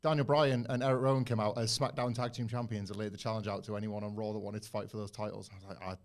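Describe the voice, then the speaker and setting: A man's voice: on the low side, little pitch movement, fast. A man co-hosting a podcast, laid-back and reminiscing. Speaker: podcast co-host. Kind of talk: casual banter.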